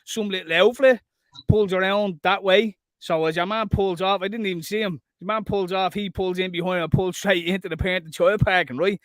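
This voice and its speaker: A man, co-hosting a podcast, telling a profane, animated story in casual chat and loudly acting out what people said. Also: high-pitched, brisk, dry recording. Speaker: podcast co-host.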